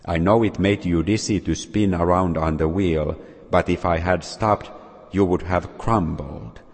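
A man voicing a patient, wise master potter who calmly explains himself. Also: low-pitched, a little slow, slightly rough, heavily acted. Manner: calm, explaining. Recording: long hall reverb.

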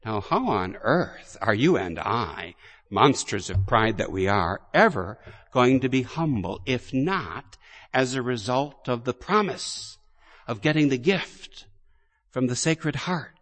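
Slow, deliberate preaching man. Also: medium pitch, animated. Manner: slow, deliberate preaching with emphatic rises and quiet drops. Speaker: Catholic priest. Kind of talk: sermon.

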